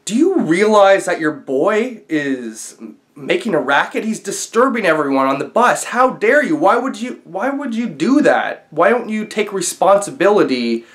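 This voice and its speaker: An irritated man on a bus, judgmental and quick to scold, as a storyteller puts him on. His questions come out indignant, in a voice pitched a little above the storyteller's own. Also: sing-song.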